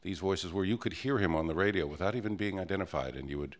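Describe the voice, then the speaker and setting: A man hosting a radio interview show, talking in a measured, reflective way with a few hesitations. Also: low-pitched.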